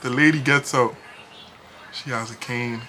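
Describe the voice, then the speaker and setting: A young man telling a storytime vlog in an animated, casual way, laughing often. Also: medium pitch, a little slow, a little hiss or hum. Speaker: vlogger.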